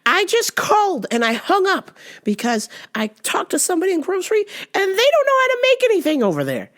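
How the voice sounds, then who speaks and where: A woman's voice: wildly swooping pitch, brisk, fairly bright tone, exaggerated voice. A woman voicing an insistent, confused woman customer calling a store on the phone. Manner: shrill, insistent.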